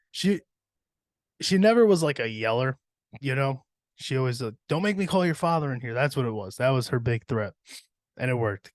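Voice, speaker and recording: A man in his thirties talks alone into a podcast mic, his rambling stories full of swearing and his own laughter. His voice sits at an ordinary pitch. The room is dead and dry, with no echo. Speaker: podcast host. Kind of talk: casual storytelling monologue.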